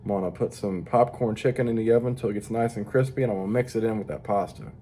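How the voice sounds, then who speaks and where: A man's voice: fairly low pitch, steady tone, quick pace, warm tone, slight background noise. A tired man rambling through a crude, profane casual monologue as a vlogger. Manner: profane, rambling, mock-tough.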